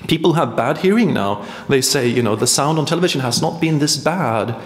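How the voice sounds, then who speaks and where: A man giving a live lecture-performance, rambling and halting with wry asides. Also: mid-range voice, lively intonation. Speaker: performance artist. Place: art museum hall. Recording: echoey hall with long reverb.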